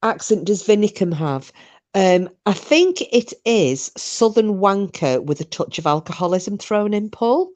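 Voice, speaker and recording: Her voice sits at medium pitch with a sing-song, slightly slow delivery and a darkish tone. This middle-aged livestream host reads viewer chat aloud, wandering from topic to topic and cursing without restraint.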